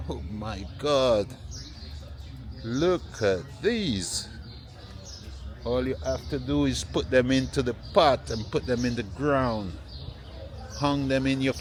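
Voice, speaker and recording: A man, vlogging casually while walking through an open-air plant nursery with a handheld phone, relaxed and repeating "yeah, man" often. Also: medium pitch. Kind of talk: casual walking vlog to camera.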